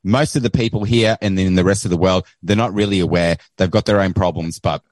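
Man, Australian accent, caller, agitated, venting, low voice, dry sound. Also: fairly even intonation, a little fast, no echo. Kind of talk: casual political talk.

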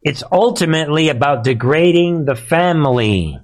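A man hosts live political commentary in a sarcastic, heated manner, and frequent laughs break into his speech. His voice sits a little high for a man. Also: lively intonation, normal speed.

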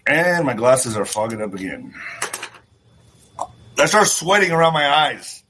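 A middle-aged man hosting a livestream, ranting about politics in a profane, animated way, talking straight to his viewers and acting out little scenes in voices. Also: medium pitch, measured pace, a little hiss or hum. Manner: talks to viewers directly, asks for thumbs up. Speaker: political commentary host.

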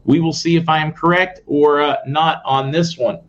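A man hosting a casual live stream, reading posts aloud fast and adding sarcastic asides to his viewers. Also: fairly high pitch, fairly even intonation. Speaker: host. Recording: muffled audio with faint noise.

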